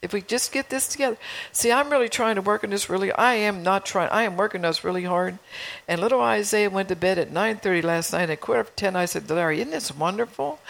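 A woman's voice: mid-range voice, poor audio. A woman preaching a sermon in a conversational way, reading scripture and telling stories from her own home life.

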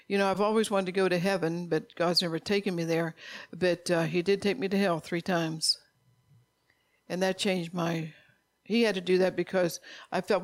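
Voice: mid-range voice, fairly even intonation, normal speed, creaky, dry recording. A middle-aged preacher giving an informal sermon, blunt and repetitive, scolding listeners in a conversational way.

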